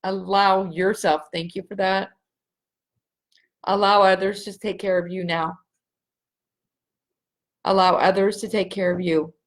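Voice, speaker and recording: A middle-aged woman hosting a live spiritual healing session, speaking slowly and earnestly and repeating phrases for emphasis. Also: medium pitch, little pitch movement. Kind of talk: live energy-healing reading for viewers.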